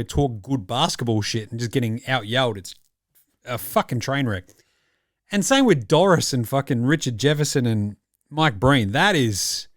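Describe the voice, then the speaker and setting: A man's voice: medium pitch, fairly bright tone, no echo, clean studio sound. An Australian man hosting a casual sports reaction podcast, talking in a blunt, jokey, profane way. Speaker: podcast host.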